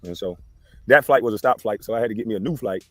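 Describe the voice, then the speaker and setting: A man talks fast and loose on a livestream, rambling and cursing as he goes. He speaks through a headset outdoors, and the sound is dry and close. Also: lowish voice, dry recording. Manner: rambling, cursing, quick talk. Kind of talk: casual livestream chat. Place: outdoors in the wind.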